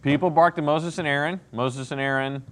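A man's voice: a little high, steady tone, a little fast. A man teaching an interactive Bible lesson, asking the class questions and often checking in with "okay?" and "right?".

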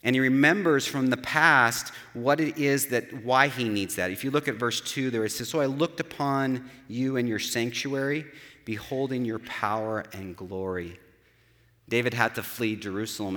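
Male pastor, earnest conversational sermon delivery, ordinary middle pitch, long hall reverb. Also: moderate pace, pushed and bright. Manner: earnest, conversational preaching with rhetorical asides.

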